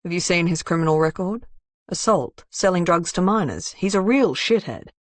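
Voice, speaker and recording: A woman's voice: fairly low pitch, animated, moderate pace, no echo, lightly acted. A woman voicing a blunt, tough young woman in an audiobook, who swears and talks heatedly.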